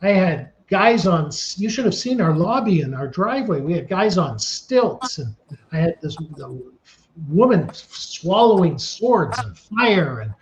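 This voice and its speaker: A casting director in his sixties, telling animated stories in an interview and acting out the scenes he describes. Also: high-pitched, measured pace. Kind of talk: storytelling in an interview. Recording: dull lo-fi sound.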